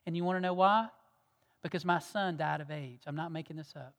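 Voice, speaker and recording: A man preaching a sermon as pastor, earnest and pleading, moving from loud exhortation to hushed tones. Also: a little high, brisk. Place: church sanctuary. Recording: long reverb of a church hall.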